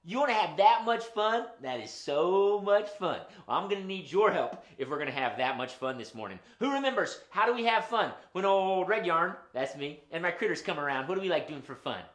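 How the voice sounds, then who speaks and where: A man hosting a children's puppet show, talking to the kids at home in an animated, sing-song way. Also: high voice, fairly quick, few pauses. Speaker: children's entertainer host. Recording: roomy room echo.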